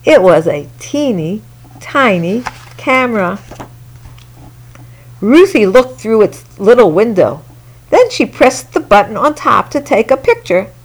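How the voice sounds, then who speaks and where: Woman storyteller, children's read-aloud, slow pace, lively sing-song pitch, fairly high voice. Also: poor audio.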